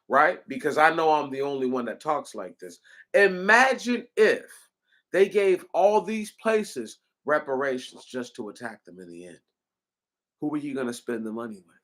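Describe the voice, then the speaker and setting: A man with a medium-pitched voice gives an impassioned commentary, driving his points home with repeated rhetorical questions in a preaching cadence.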